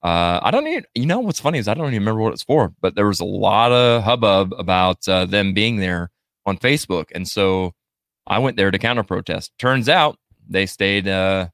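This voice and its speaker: A man hosting a live podcast in a casual, halting way, reading out listener comments and answering them. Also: deep voice, fairly bright tone, clear, resonant tone, dry recording, clean studio sound. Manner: halting, many fillers and restarts. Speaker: podcast host. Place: Missouri area studio.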